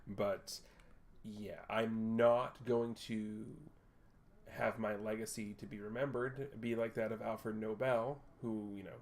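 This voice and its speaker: In a tabletop game, a man with a lowish voice plays a wealthy male tech executive who is self-assured and speaks in a polished, measured, slightly condescending manner.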